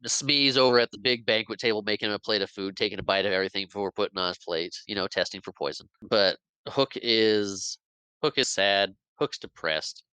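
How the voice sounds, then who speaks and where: A man's voice: fairly low pitch, brisk, pushed and bright, clear, resonant tone, dry recording, low-quality recording. A man hosting a podcast, casually recapping a movie scene by scene and acting out the characters' lines with laughs. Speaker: podcast host.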